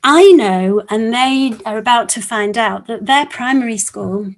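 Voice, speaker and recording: Animated woman telling a classroom story. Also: on the high side, a little slow. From England. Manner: animated storyteller, acts out children's voices and beeps. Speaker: webinar presenter, teacher trainer. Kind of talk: storytelling talk.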